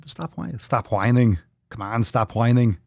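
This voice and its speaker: A man's voice: mid-range voice, animated, moderate pace, creaky, a little mellow, dry recording, studio quality. A man hosting a live fitness stream, chatting casually with viewers in a profane, teasing, joking way. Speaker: livestream fitness show host. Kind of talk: casual livestream chat.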